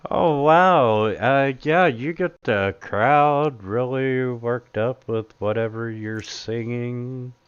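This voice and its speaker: A man narrating as game master of a tabletop game, halting and full of fillers. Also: medium pitch, smooth, lo-fi sound.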